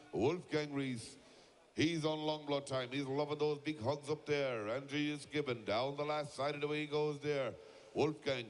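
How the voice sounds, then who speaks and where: A man giving live play-by-play commentary at a shearing contest, urging the crowd to cheer. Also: fairly high pitch. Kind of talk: live sports commentary over a PA.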